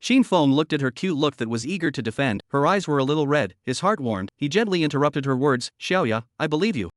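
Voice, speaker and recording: A man's voice: a little high, animated, a little fast, no room sound, clean studio sound. Matter-of-fact male recap narrator. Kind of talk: scripted story recap narration.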